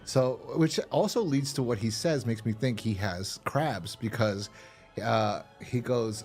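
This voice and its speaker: A man's voice: measured pace, darkish tone, faint music behind. A man hosting a podcast, chatting casually and profanely through an episode review, breaking into quoted lines. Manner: rambling, profane, acts out quotes in a higher voice. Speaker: podcast host.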